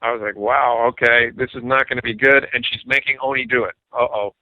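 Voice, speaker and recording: A middle-aged man, a bassist guest, telling stories in an animated way and acting out what people said. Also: a little fast, dry recording. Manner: animated storyteller acting out quoted dialogue. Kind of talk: casual storytelling interview. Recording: tinny phone-like line, dry.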